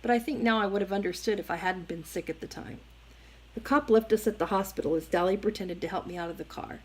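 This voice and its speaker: A woman reading a novel aloud in a steady, even narration. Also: mid-range voice, quick pace, breathy edge, rough recording. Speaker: reader.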